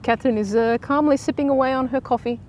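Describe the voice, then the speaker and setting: A woman's voice: sits high, steady tone, fast talker, a little mellow, a little hiss or hum. A woman casually recapping a soap episode in a chatty, sarcastic way, mocking the characters.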